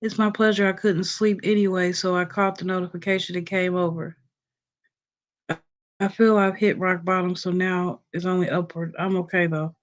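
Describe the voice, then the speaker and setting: A woman's voice: fairly low pitch, little pitch movement, moderate pace. A woman hosting a casual livestream, just out of bed, reading points from a list with plenty of ums and chatting with her viewers. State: just woke up. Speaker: livestream host.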